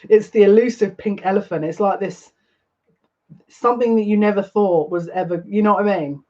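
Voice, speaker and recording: A UK tarot reader delivers a collective reading with a medium-pitched, darkish voice at normal speed, leaving long pauses. She sounds overwhelmed and emotional, frequently breathless and restarting her sentences. The audio is slightly muffled and lo-fi.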